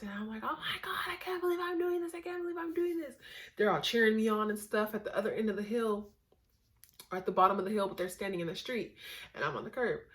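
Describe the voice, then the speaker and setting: A woman's voice: mid-range voice, fairly bright tone. A young woman from Northern California, chatting casually to her camera, rambling with lots of fillers and a tired, goofy manner. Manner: goofy and tired late at night. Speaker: vlogger.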